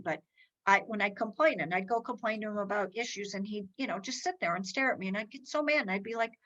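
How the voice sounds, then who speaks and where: A woman's voice: medium pitch, quick pace, fairly bright tone, muffled recording. A middle-aged woman hosting a podcast in casual conversation. She is chatty and rambling, with many restarts and fillers. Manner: acts out others' lines in quoted voices while telling stories. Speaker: podcast host.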